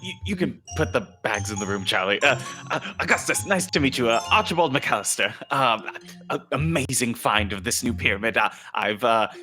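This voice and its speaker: A man voicing a confident adult archaeologist introducing himself in a tabletop game, brisk with small stumbles. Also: fairly low pitch, bright, forceful tone. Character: confident adult male archaeologist, bossy with servants.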